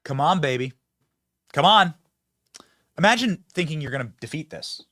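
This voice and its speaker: A man hosting political commentary, mocking and sarcastic, swinging between loud outbursts and low asides. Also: very animated, fast, no room sound, clean studio sound.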